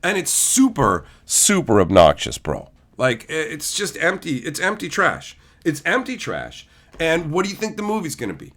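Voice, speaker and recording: A man's voice: on the high side, wildly swooping pitch, moderate pace, a bit bright. A man streaming, giving a heated, profane rant full of insults. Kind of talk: ranting stream commentary.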